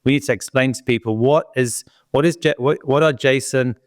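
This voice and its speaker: A man's voice: medium pitch, a little fast, no room sound. British male guest expert, eager explainer, dry close mic. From United Kingdom. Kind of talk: interview conversation.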